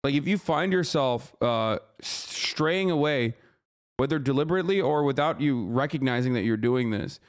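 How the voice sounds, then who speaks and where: A man's voice: mid-range voice, expressive, normal speed, clear, resonant tone. A man livestreaming, reacting to a news story with heated, profanity-laden ranting and scolding his chat. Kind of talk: live stream reaction commentary.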